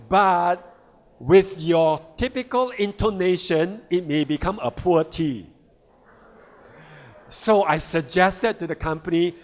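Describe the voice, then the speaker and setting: A man with a slightly high, expressive voice presents a product at a sales seminar. He speaks slowly, keeps repeating "all right," and throws rhetorical questions like "right?" and "all right?" at the audience.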